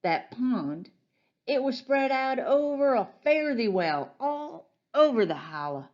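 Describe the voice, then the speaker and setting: A woman pastor reading a children's storybook aloud in a gentle, folksy storytelling manner. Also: sits high, very animated, a little slow, highs cut off.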